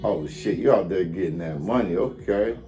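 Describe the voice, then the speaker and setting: A man's voice: low voice, normal speed, dark tone, faint music behind. A man hosting a casual podcast, bantering with callers in a joking, profane, teasing way. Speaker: podcast host. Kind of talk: casual live-stream chat with callers.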